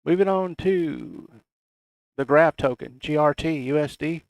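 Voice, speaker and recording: A man's voice: a little high, unhurried, vocal fry, dry recording. A middle-aged man with a Southern US accent, reading out price levels in casual, folksy chart commentary. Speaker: crypto chart analyst.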